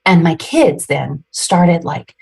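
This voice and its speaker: A woman's voice: lowish voice, lively intonation, slow, gravelly, breathy edge, rough recording. A woman in her forties, a podcast guest, retelling a personal story emotionally and ramblingly, with nervous laughs.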